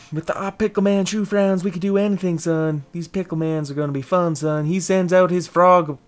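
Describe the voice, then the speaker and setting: A man's voice: high voice, steady tone, fairly quick. A man giving casual, rambling let's-play commentary over a game, giggling and repeating a silly catchphrase. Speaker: gameplay commentator.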